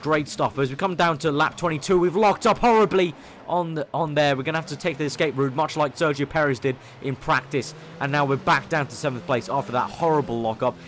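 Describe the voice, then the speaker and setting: A man's voice: a little high, fairly quick, slight background noise. Eager young man commentating a racing game. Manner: eager play-by-play, excitable when overtaking. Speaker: gaming commentator.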